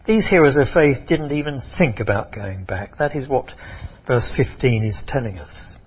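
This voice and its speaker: Man preacher, husky voice, lively rising and falling pitch, emphatic and repetitive, muffled lo-fi recording. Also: normal speed. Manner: expressive, emphatic, with frequent repetitions and restarts. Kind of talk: sermon.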